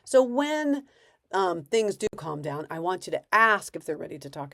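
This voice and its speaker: A woman's voice: lowish voice, sing-song, normal speed, gravelly, a bit bright. A woman coaching parents in a conversational way, now and then acting out what a parent or child might say. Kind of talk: advice talk to parents.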